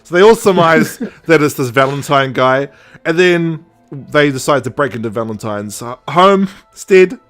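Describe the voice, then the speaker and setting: Male podcast host, fairly high voice, casual recap, laughs a lot, faint music underneath. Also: normal speed. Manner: animated, laughs often, mimics characters mid-story. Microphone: podcast microphone.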